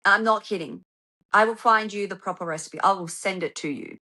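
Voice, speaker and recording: A woman who is a podcast guest, chatting casually and explaining things in a lively, playful way. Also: mid-range voice, fairly quick, rough recording. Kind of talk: casual chat.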